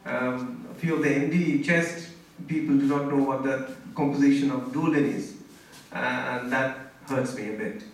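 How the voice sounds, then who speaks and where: A man's voice: mid-range voice, steady tone, normal speed. A middle-aged man, a doctor teaching a medical class and quizzing the audience with pointed questions. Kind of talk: interactive medical lecture. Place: lecture hall. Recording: very echoey hall from far off.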